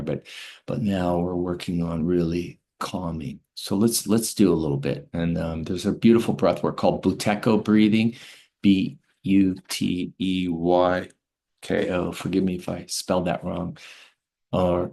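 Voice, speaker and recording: A man with a very low, gravelly voice teaches in an easy lecture manner. He checks in with listeners often and drops to a soft, slow hush when he leads breathing. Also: fairly even intonation. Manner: gentle, often checks in with "right?"; slows and softens to a hush while guiding breaths. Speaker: author and health teacher. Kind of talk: spoken lecture with guided breathing.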